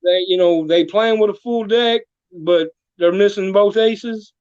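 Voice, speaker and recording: A man's voice: high-pitched, unhurried, darkish tone, muffled recording. A man telling a comedic folksy story as a guest, drawling and full of country sayings.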